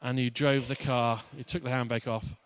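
A man's voice: medium pitch, level tone, moderate pace, clear, resonant tone, no room sound. Playful, conversational male preacher. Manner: conversational and playful, with laughs and asides. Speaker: pastor. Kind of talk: sermon.

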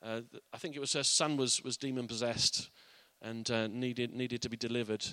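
A man's voice: mid-range voice, steady tone, moderate pace, sharp tone, dry recording. A man giving an informal, earnest Bible teaching in a conversational way.

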